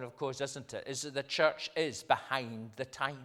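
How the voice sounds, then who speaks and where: A man's voice: medium pitch, fairly even intonation, moderate pace, bright, forceful tone, in a large hall. An older man, a minister preaching a sermon in a conversational way, building up to emphatic points. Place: church.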